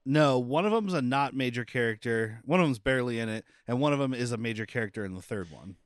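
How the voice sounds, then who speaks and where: A man's voice: mid-range voice, lively intonation, fast, no echo, studio quality. A man co-hosting a casual movie-review podcast, joking and swearing as he rambles through his points. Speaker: podcast co-host.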